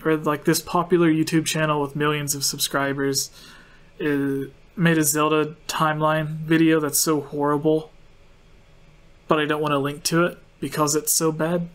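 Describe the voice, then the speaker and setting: A man hosting a casual chat, explaining at length with lots of fillers. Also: a little high. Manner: rambling, filler-heavy explaining. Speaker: podcast host.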